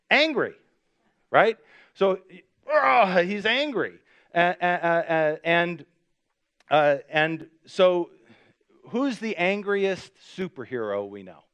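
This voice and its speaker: Pastor, male, casual and animated sermon delivery with lots of fillers; smooth, resonant tone. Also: on the high side. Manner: lively storytelling, voice jumps up when acting out the scene; chatty, with many fillers. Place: church service.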